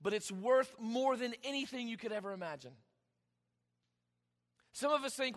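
A man preaching a sermon, emphatic, with dramatic pauses and sudden swings in volume. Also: extremely high pitch, expressive, fairly bright tone, in a large hall. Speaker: pastor.

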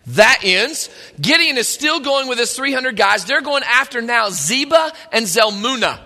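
A man preaching a sermon, retelling a story in an animated, conversational way. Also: extremely high pitch, unhurried. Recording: long hall reverb.

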